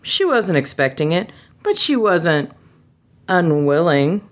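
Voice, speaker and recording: A woman voicing a cocky, smirking male space smuggler in a comic fan fiction read-aloud, lively and teasing. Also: on the low side, takes it slowly. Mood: smug.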